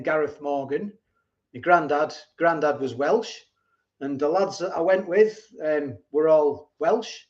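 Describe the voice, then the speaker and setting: A middle-aged man chatting casually on a livestream, rambling and repeating himself as he answers viewers. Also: a little high. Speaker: livestream host. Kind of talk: casual live chat reading viewer comments. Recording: dull lo-fi stream audio.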